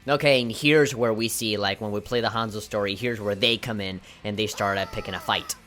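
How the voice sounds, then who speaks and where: A man's voice: fairly low pitch, fairly even intonation, fairly quick, fairly bright tone, soft background music. A man commentating a video game as its host and reading its text aloud, breaking into giggly, apologetic laughing fits. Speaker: let's play host.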